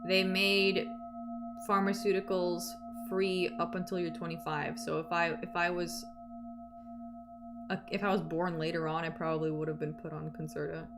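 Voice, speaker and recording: A woman's voice: lowish voice, level tone, normal speed, music in the background. A woman in her twenties from Canada, hosting a livestream and chatting casually with viewers, often trailing off and restarting her sentences. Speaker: livestream host.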